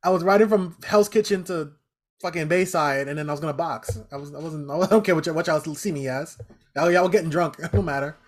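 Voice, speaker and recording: Animated, profane New man telling stories. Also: a little high, quick pace. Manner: animated, profane storytelling with laughs. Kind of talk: casual storytelling chat.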